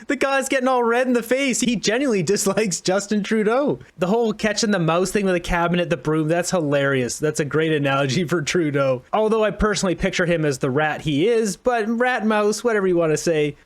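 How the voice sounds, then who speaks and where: Chuckling man reacting with high voice. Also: a little fast, hardly any pauses. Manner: chuckling, sarcastic. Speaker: commentary vlogger. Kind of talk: reaction commentary.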